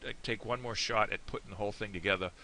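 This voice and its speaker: A man's voice: lowish voice, steady tone, fast, sharp tone. An American man giving a casual, rambling lesson on a toast, with many fillers and self-deprecating asides. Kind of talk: casual screen-share lesson. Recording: faint hiss.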